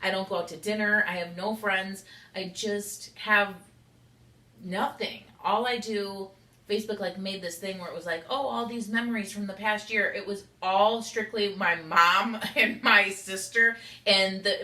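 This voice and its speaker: A woman's voice: medium pitch, steady tone, measured pace, sharp tone. A young woman rambling candidly in an unedited confessional vlog, saying "like" a lot. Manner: rambling, candid, heavy use of "like". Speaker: vlogger. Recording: echoey room.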